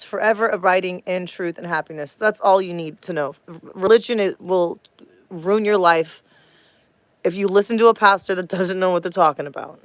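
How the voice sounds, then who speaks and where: A woman's voice: lowish voice, brisk, no room sound. A woman in her thirties talking bluntly to her live stream chat, combative and swearing heavily. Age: 30s.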